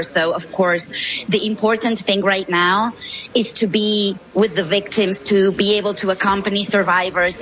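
A woman from Venezuela, a journalist, answering interview questions in a measured, steady way with soft fillers. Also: medium pitch, rough recording.

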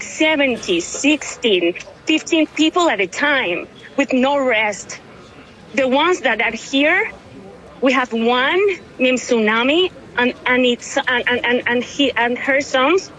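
Tearful woman in her thirties, halting. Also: on the high side, a bit bright, rough recording. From Venezuela. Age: 30s. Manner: halting, many restarts and repeated words. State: tearful, emotional. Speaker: interviewee. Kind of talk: emotional phone interview.

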